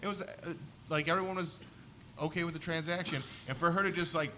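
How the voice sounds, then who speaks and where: A man's voice: fairly high pitch, steady tone, a little fast, sharp tone, a little hiss or hum. A man, a comedian co-hosting a podcast, telling a rambling story in casual chat with lots of "like". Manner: rambling anecdotes full of "like".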